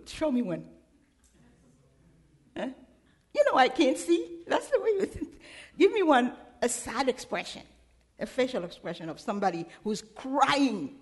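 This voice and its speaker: A woman's voice: high-pitched, a little mellow. A woman preacher giving a sermon, questioning her congregation again and again.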